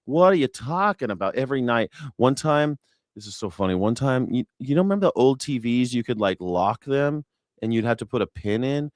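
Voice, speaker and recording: A man's voice: mid-range voice, lively intonation, brisk, darkish tone, no echo. Male host, comedic ranter, profane and loose, dry close sound. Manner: loose, profane, laughing storytelling. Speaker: show host. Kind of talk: comedic rant.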